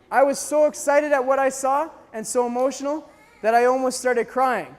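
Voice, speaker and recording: A man from Canada tells a gripping survival story to a crowd, his voice sitting very high for a man. He acts out the cries and dialogue with lively energy, and a long hall reverb trails each phrase. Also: moderate pace. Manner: animated storyteller, acting out shouts and dialogue. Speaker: speaker telling a mission story. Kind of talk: storytelling talk to a live audience.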